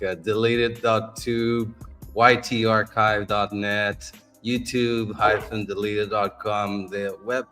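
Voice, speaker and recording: A man explaining something in a rambling, halting way during a casual chat. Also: on the low side, a bit bright. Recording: distant, reverberant remote mic.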